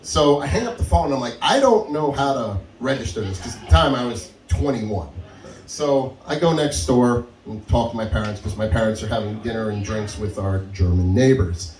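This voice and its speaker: Animated man telling stories on stage. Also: moderate pace, slight background noise. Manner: storytelling, acts out quoted voices with big pitch jumps. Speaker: stand-up comedian. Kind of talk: stand-up set at open mic. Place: comedy club stage. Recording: echoey club, mic heard from a distance.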